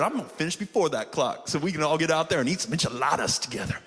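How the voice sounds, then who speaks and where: A man's voice: a little high, animated, fast talker, hardly any pauses, a bit bright, in a large hall. A pastor preaching a conversational sermon to his congregation, calling for responses from the pews and from viewers online. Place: church sanctuary, also streamed online.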